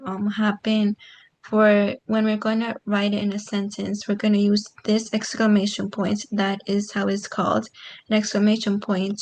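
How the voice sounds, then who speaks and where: A woman teaches punctuation in an online class, walking through each example patiently and filling pauses with "um." Her voice carries a gravelly fry, and her pitch stays fairly level and even throughout. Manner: patient, explains step by step with many "um"s. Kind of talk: online grammar lesson.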